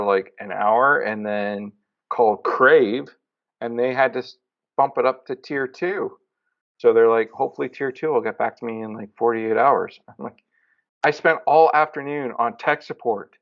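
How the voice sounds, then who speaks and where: A man co-hosting a podcast, chatting casually and telling rambling, excitable stories. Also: mid-range voice. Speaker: podcast co-host. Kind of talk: casual chat. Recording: dull lo-fi sound.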